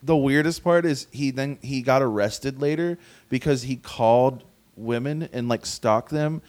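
A man's voice: medium pitch, unhurried. Laid-back man in casual podcast chat. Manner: animated, laughing, swears freely.

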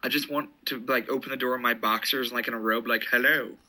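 Man, 30s, podcast co-host, casual chat, very bright voice, laid-back, deadpan. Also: medium pitch, quick pace.

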